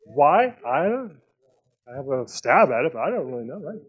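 A man teaching a Bible study in a relaxed, conversational way, thinking aloud with fillers and restarts. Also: on the high side, normal speed, husky. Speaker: pastor. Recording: dull lo-fi sound.

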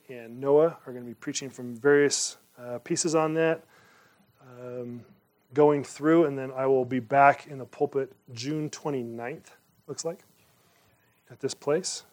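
A man with a mid-range, darkish voice preaches as a pastor. His sermon is earnest and conversational, with rhetorical questions, and it ends in a fervent closing prayer.

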